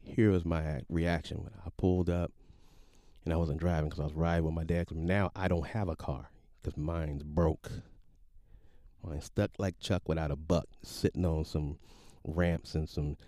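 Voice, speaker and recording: A man in his late forties casually telling a personal story, animated and slangy, with sound effects. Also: extremely low pitch, normal speed, no echo, studio quality. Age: 40s. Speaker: podcast storyteller.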